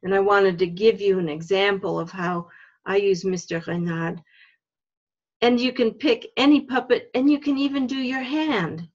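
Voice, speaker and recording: A woman leading a religious education workshop, explaining ideas slowly and thoughtfully, step by step. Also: mid-range voice, a little mellow, lo-fi sound. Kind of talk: workshop talk for teachers.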